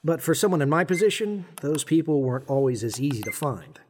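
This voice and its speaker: A cocky card hustler, wry narrator. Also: male voice, on the high side, very animated, fairly quick, darkish tone, slight background noise. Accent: fake Australian put-on over American. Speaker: narrator and poker player. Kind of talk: scripted audio drama.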